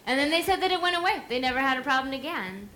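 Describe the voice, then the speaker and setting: A woman filmmaker at a premiere Q&A telling a story in a fast, animated way with lots of restarts. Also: high voice, a little hiss or hum. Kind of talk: casual storytelling on a panel. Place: venue at a film premiere.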